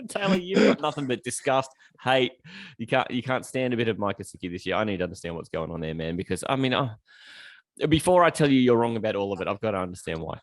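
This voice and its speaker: Low-voiced Australian podcast host, teasing. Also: male voice, lively intonation, fast, dry recording. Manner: playful, teasing, steers the talk. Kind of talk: casual podcast hosting.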